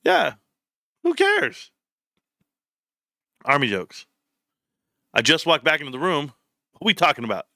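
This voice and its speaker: A man's voice: on the high side, animated, moderate pace, pauses often, bright, forceful tone, no room sound, studio quality. A young man hosting a casual livestream, joking and riffing as he reads chat messages aloud. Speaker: livestream host.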